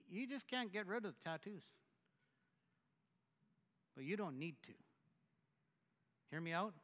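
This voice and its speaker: Man, pastor preaching, conversational with restarts, loud then hushed, sharp tone. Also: a little high, big-room sound. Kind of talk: sermon.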